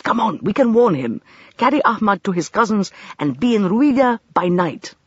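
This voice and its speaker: A man's voice: high-pitched, big pitch swings, moderate pace, husky, no echo, lo-fi sound, pitched above the performer's own voice, full character voice. An audiobook narrator voicing a practical adult man who speaks in a dry, matter-of-fact way. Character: practical adult male travel companion. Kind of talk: audiobook character reading.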